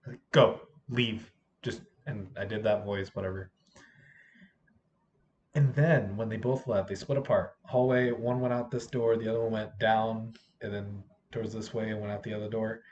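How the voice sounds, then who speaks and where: A substitute teacher with a hoarse voice from yelling, telling stories in a casual vlog and acting out what others said. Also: medium pitch, moderate pace, muffled recording, a little hiss or hum. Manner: animated, acts out what others said.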